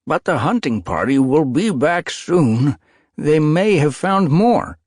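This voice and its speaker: A man's voice: a little high, very animated, slow pace, darkish tone, no room sound, clean studio sound, voice pushed up, full character voice. A man calling out as a hopeful brown tomcat. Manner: calling out across a cave.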